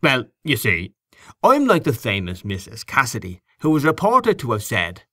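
A man's voice: mid-range voice, wildly swooping pitch, moderate pace, pushed and bright, no echo, studio quality, voice pushed up, heavily acted. A man voicing a jovial, joking old man fond of his whiskey. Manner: sly, joking.

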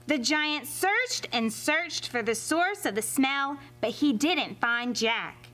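A woman reading a fairy tale aloud to children as a library storyteller, expressive and animated. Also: high voice, slow, few pauses. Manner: expressive and animated, addressing kids.

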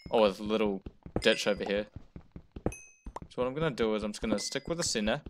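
A young man casually commenting on his own gameplay, jumpy and talking himself through his fear, going from quiet muttering to loud yells. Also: on the low side, quick pace, background noise. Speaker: gamer playing a first session. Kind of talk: casual let's-play commentary.

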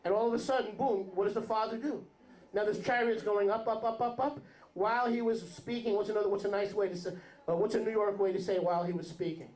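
A man's voice: sits high, steady tone, quick pace, darkish tone. A man teaching as a rabbi in a sermon, joking and asking his congregation questions. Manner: joking, conversational, asks the audience questions. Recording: roomy hall.

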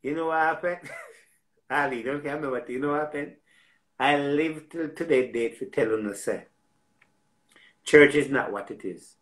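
A man with a Jamaican accent telling a story in a casual, animated way, repeating words and swearing freely. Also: fairly high pitch, moderate pace, long pauses, reverberant.

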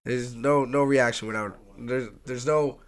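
A young man chatting casually as a podcast guest, swearing freely and swinging from soft talk to loud, laughing bursts. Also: medium pitch, steady tone, measured pace, smooth. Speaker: guest, music producer and tattoo artist.

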